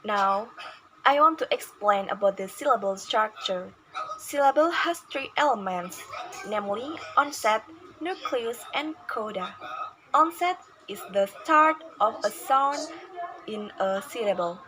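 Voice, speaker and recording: A woman's voice: a little high, animated, a little slow, pushed and bright, slight background noise, poor audio. Woman student reading definitions aloud. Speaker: student presenter. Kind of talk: reading a class presentation.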